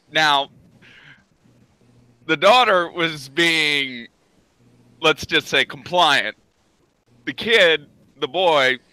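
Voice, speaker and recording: A man telling a story very slowly, drawing it out over casual chat. His voice is bright and sharp, a little higher than most, and sounds dry and close to the mic. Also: no echo, low-quality recording. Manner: slow, drawn-out anecdote telling.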